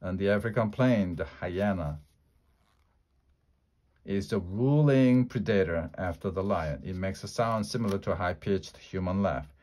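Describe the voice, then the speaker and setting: A man reading a children's chapter book aloud, lightly changing his pitch for the characters' lines. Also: measured pace, a little mellow. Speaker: storybook reader. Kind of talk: children's story read-aloud.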